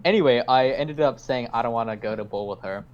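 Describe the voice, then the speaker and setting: A man's voice: mid-range voice, fast talker, dull audio. A young man hosting a podcast, telling a story in casual chat, rambling, swearing a lot and acting out his own lines. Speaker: podcast host.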